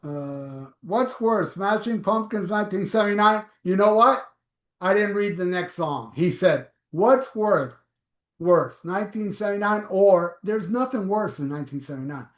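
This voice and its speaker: A man's voice: sits high, expressive, moderate pace, reverberant. A man hosting a live stream, reading viewer comments aloud in a blunt, offhand, profane way. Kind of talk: casual live chat.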